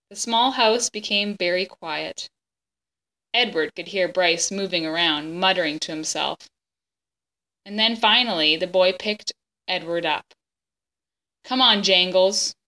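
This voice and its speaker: Bright-voiced woman reading a storybook aloud. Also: fairly low pitch. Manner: gentle, expressive, pauses to explain. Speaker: reader of a children's book. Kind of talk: reading a chapter book aloud to children.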